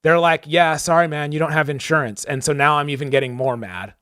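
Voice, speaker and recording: A young man with a fairly high voice tells a story on a podcast, animated and casual, leaning on "like" and "dude". He acts out the people he talks about. The recording is dry and close, with no room sound. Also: a little fast, smooth, no room sound. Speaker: podcast co-host.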